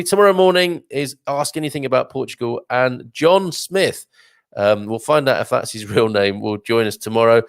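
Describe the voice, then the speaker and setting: Man, chatty live-stream host, rambling with fillers, lowish voice, dry close sound. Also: dry recording. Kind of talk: casual live-stream chat reading viewer comments.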